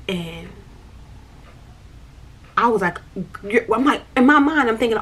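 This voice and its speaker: A woman's voice: on the high side, a little fast, a bit bright, a little hiss or hum. A woman tells a personal story, repeating phrases as she vividly recounts the moment.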